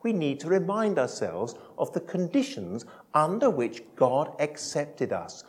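Animated British-style preacher man. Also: on the high side, measured pace. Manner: animated, swings from loud emphasis to quiet asides; self-deprecating humour with the congregation. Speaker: pastor. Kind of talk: sermon. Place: church service.

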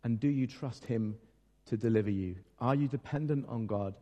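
Man, pastor, conversational sermon, mid-pitched voice, long church reverb. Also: normal speed, warm tone, dull audio. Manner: conversational, self-deprecating, with many fillers and repeated words.

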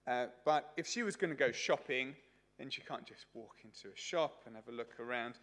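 A man's voice: medium pitch, brisk, a bit bright. A man preaching a sermon at a church service, telling a story in a chatty way with many fillers.

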